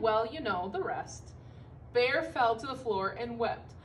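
A woman's voice: a little high, distant mic, slight background noise, low-quality recording. Woman teacher reading a picture book aloud. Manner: expressive, pausing to comment for young listeners.

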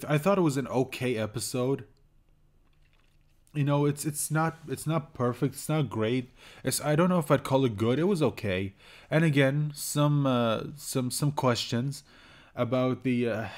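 A man giving a casual spoken review of a cartoon episode, talking haltingly with many fillers and restarts and chuckling now and then. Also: medium pitch, darkish tone. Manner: chuckles while recounting scenes. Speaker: show reviewer.

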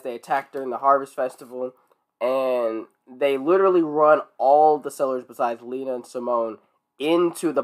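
A man's voice: fairly high pitch, a bit bright. A man co-hosting a podcast, recapping a cartoon film in a rambling, casual way and laughing often. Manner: rambling, laughs often, trails off mid-sentence. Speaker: podcast co-host.

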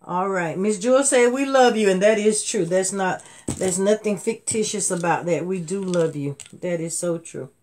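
A middle-aged woman, chatting to viewers on a live jewelry sale, laughing often and jumping from low murmurs to excited high bursts. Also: moderate pace, a little hiss or hum. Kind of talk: live selling stream, casual chat to viewers.

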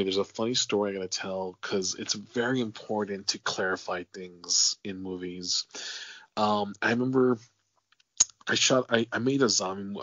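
A man hosting a podcast interview, telling animated stories full of swearing and acted-out quotes, on a dull, lo-fi, dry recording. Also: on the low side, no echo. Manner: animated storyteller, swears freely, acts out quotes. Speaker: podcast host. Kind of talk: casual interview chat.

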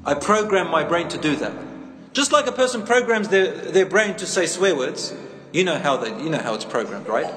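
A man's voice: fairly high pitch, lively intonation, normal speed, fairly bright tone, slight background noise. Man, sermon, asks the crowd questions, long hall reverb, faint ambience. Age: adult, a teacher. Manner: engaging, questions the audience, tells stories. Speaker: preacher.

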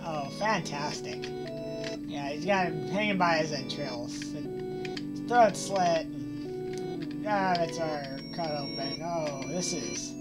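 A woman with a low-pitched voice takes her time commenting on a horror video game she's playing as a let's play gamer. Her remarks are sarcastic, playful, and mock-cheerful, with the game's music loud in the background.

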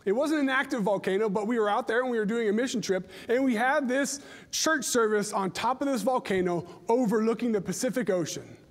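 A man's voice: extremely high pitch, a little fast. A middle-aged man preaching a conversational sermon, telling stories in a chatty way and often restarting his words. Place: church sanctuary. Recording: long church hall reverb.

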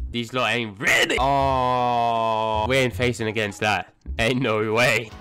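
Excitable, foul-mouthed young gamer. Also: male voice, medium pitch. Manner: excitable, swears a lot, crude jokes. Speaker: gaming YouTuber. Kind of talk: live gameplay commentary.

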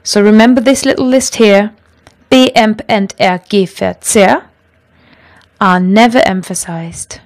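A woman teaching a language lesson, explaining grammar rules patiently and clearly and reading out example sentences. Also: mid-range voice, unhurried.

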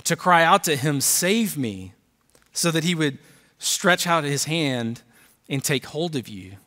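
Male pastor, slightly high voice, preaching with rising emphasis in a church hall with long reverb. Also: a little slow, sharp tone. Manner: reads scripture aloud, building emphasis. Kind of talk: sermon. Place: church auditorium.

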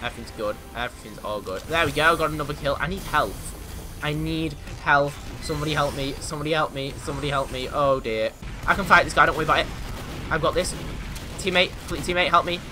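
A man giving casual, excitable commentary on his own gameplay, boasting in jest and yelping when things go wrong. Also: a little high, quick pace, over music. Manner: excitable, mock-boastful, yelps and laughs in panic.

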